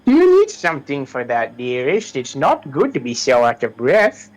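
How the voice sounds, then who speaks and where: A man voicing a sly old woman who brews potions, in a sing-song, drawn-out, mocking manner. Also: mid-range voice, wildly swooping pitch, rough recording. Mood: coaxing.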